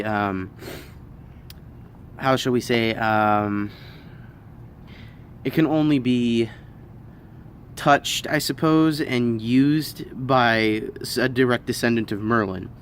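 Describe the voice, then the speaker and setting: A man's voice: medium pitch, slight background noise. A man giving a casual spoken film review, hesitant, with many ums and restarts.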